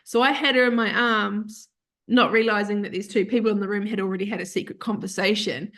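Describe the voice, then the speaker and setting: Female guest, heartfelt storyteller, acts out quotes, goes soft at tender moments. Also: mid-range voice, fairly quick. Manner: animated, quotes herself and others in lively voices. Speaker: podcast guest. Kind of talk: emotional personal storytelling.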